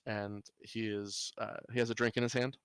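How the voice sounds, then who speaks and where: Low, smooth-voiced game master. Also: male voice, flat delivery, fairly bright tone, no echo. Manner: halting, filler-heavy narration. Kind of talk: narrating a tabletop game.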